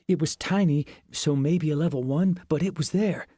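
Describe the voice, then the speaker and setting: A jumpy, sarcastic young rogue from a fantasy audiobook, voiced by a man. He talks in quick, wisecracking bursts, pitched a little above the narrator's own voice, in a dry, close recording. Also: dark tone, breathy edge, no room sound. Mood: insistent.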